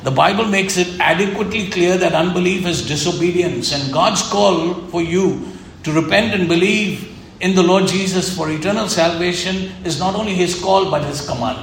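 Gravelly-voiced man preaching in an echoey room. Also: high-pitched, normal speed. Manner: earnest, repetitive, emphatic preaching. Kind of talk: sermon. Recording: echoey room with faint ambient noise.

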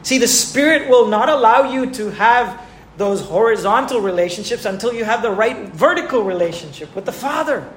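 A man's voice: sits high, lively intonation, moderate pace, fairly bright tone. A man preaching a sermon who asks his listeners questions and repeats words for emphasis. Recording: echoey room with faint ambient noise.

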